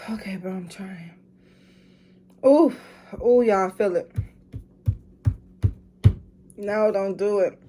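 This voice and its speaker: A woman's voice: mid-range voice, slow, pauses often, warm tone, faint music behind. A woman, a mother filming at home, chatting casually to her viewers and groaning with strain as she talks. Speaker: vlogger doing a drinking challenge.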